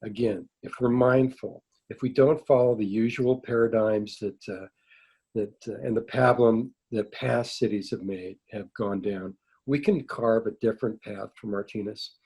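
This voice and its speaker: A man's voice: lowish voice, fairly even intonation, normal speed, vocal fry, a little mellow, husky. A man running for city council, answering a forum question on a video call in a reflective, rambling way with a tickle in his throat.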